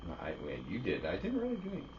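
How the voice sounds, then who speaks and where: Fast-talking man with a lively, low voice. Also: lo-fi sound, noisy background. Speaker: podcast co-host. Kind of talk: casual chat.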